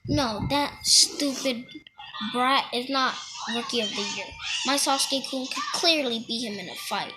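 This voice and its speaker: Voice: high-pitched, measured pace, over loud music, low-quality recording. A child doing an indignant ninja girl. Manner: indignant, scornful. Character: bossy lovestruck ninja girl.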